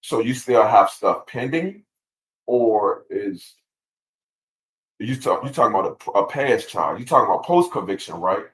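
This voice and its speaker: Low-voiced guy on a casual livestream, chill, repeats himself, talks right to the chat. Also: animated, unhurried, a bit bright, rough recording. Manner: laid-back, repeats words, talks straight to viewers. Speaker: channel host answering live chat. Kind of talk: casual livestream, reading statutes and answering chat.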